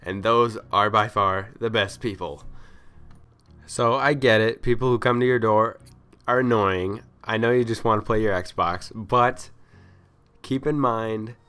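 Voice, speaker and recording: A man with a somewhat low voice tells stories in a loose, ranting vlog style. He sounds exasperated and complaining, dropping into quick quoted lines as he acts out the people he met. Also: fairly bright tone, clean tone. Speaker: vlogger. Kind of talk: casual storytelling rant.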